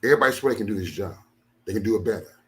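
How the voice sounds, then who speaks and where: An older man who leads a ministry vents angrily from his home studio, worn out after a sleepless night. His lowish voice moves very fast with lively intonation as he repeats himself, aggrieved and emphatic.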